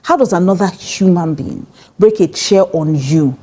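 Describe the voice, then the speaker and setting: A woman's voice: lowish voice, animated, moderate pace, dark tone, breathy edge. A middle-aged woman pastor with a Nigerian English accent giving a conversational marriage teaching, direct and emphatic, laughing often.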